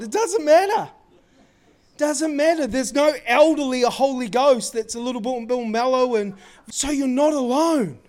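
A man preaching a sermon, telling lively stories and acting out the dialogue in them, in casual, slangy talk. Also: very high voice, normal speed.

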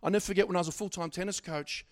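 Middle-aged male preacher, high-pitched, animated sermon delivery with stammered restarts. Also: racing. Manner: animated, swings from loud exhortation to quiet asides, stammering restarts.

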